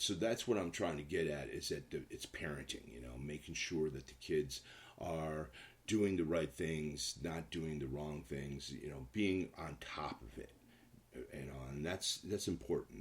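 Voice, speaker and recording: Very deep-voiced man rambling about football. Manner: rambling, many restarts and fillers, emphatic. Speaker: show host, sports analyst. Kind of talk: casual solo sports talk.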